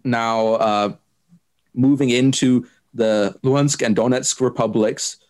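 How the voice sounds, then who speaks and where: A man answering interview questions, laying out his view in a careful, measured way and pausing often with hesitant fillers. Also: medium pitch, a little mellow. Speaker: interviewee explaining politics. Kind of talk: unscripted explanatory interview.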